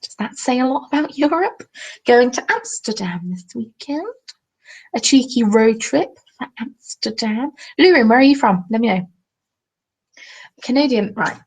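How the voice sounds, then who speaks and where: A woman's voice: a little high, expressive, normal speed, breathy edge, rough recording. A young woman hosting a crafting live stream, chatting casually and reading viewers' comments with self-deprecating, apologetic asides. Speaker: crafting livestream host.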